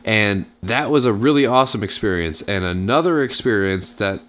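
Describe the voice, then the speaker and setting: A man's voice: on the low side, lively intonation, moderate pace, a bit bright. A man casually telling a long, rambling story over gameplay, full of fillers, acting out what people said. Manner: rambling, filler-heavy, acts out quotes. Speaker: gaming channel host.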